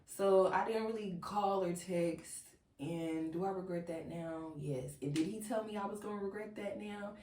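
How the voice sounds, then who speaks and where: A woman's voice: medium pitch, moderate pace, few pauses, darkish tone, echoey room, far from the mic, slight background noise. A young woman telling a personal story in casual chat, filling it with "like" and talking straight to her viewers. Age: young adult. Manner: chatty storytelling, heavy "like", addresses viewers as y'all. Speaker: vlogger.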